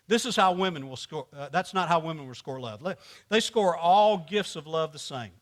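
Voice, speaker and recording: A man's voice: on the high side, expressive, normal speed, a bit bright. A man teaching a men's class at church in a joking, conversational way, quizzing the audience and laughing often. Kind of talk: humorous teaching to a men's group.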